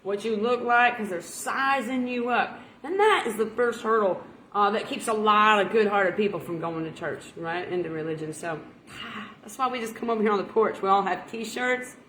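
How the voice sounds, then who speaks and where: A woman's voice: mid-range voice, moderate pace, a bit bright, roomy sound, a little hiss or hum, poor audio. Folksy woman preaching casually. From Oklahoma. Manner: chatty, rambling, laughs at her own jokes. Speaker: online preacher.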